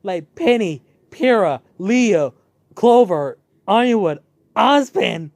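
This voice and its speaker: A young man talks through a show in an excitable, animated way, stumbling over fillers. His voice sits high and swings widely, his delivery is unhurried, and the recording is dry and close. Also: dry recording. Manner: excitable, animated, many fillers and re-enacted quotes. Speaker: channel host reviewing a show. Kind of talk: casual review chat.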